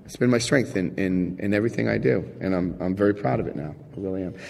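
Husky-voiced man telling his story in a hall. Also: sits low, fast. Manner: animated storytelling, acting out scenes and quoting others; chatty, checks in with the audience. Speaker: speaker sharing his recovery story. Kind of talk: personal testimony to a live audience.

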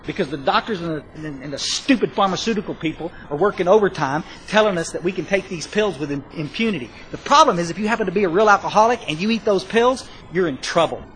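Folksy man, loud bursts. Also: sits high, lively intonation, fast, few pauses, slight background noise, poor audio. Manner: folksy, rambling and self-mocking, with bursts of loud emphasis. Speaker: recovery speaker sharing his story. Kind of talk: spoken testimony to a live audience.

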